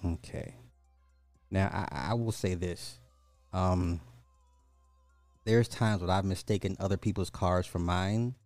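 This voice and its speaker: A man with a fairly low voice talks through a news story on his podcast. He reads passages aloud, then cuts in with loose, sarcastic commentary. The sound is dry and close, with faint music underneath. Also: fairly even intonation, slow, long pauses, a little mellow, dry recording. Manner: sarcastic, jokey, reads articles aloud with asides. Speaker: podcast host.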